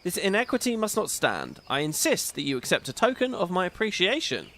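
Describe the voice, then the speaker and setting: A man's voice: high voice, huge pitch swings, fairly quick, bright, forceful tone, voice pushed up, full character voice. A man voicing a theatrical, courtly male chronicler, reading game dialogue aloud in a grandiose, flowery way. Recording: game music behind voice.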